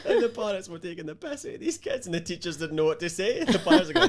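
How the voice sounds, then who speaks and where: A man co-hosting a casual podcast, swearing freely and telling animated stories. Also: high voice, very fast. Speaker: podcast co-host. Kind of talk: casual chat.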